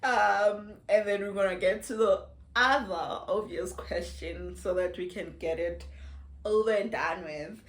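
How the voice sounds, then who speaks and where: A woman's voice: mid-range voice, fairly even intonation, a little slow, a bit bright. A South African woman in her thirties, chatting playfully to the camera and laughing often in a casual get-to-know-me vlog shot on a phone. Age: 30s. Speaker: vlogger. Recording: echoey room.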